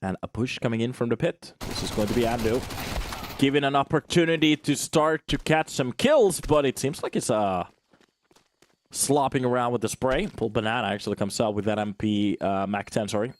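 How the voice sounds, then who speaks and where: A man's voice: mid-range voice, normal speed, background noise. A man giving live play-by-play commentary on a competitive match, chatty and joking with viewers between calls. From Finland. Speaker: esports commentator.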